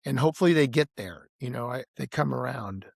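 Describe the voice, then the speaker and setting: A man's voice: medium pitch, lively intonation, brisk, vocal fry, darkish tone, dry recording, clean studio sound. A man being interviewed as a blues musician, chatting casually and telling stories with restarts and "you know"s.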